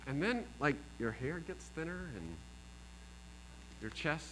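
A man over forty preaching a sermon as pastor, swinging between emphatic peaks and low, quiet lines. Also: big pitch swings, takes it slowly, rough recording. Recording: faint mains hum.

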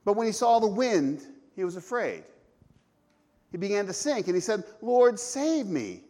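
A man's voice: high-pitched, animated, moderate pace, a little mellow. A man preaching a sermon, emphatic, asking rhetorical questions and restarting his phrases often. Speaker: pastor.

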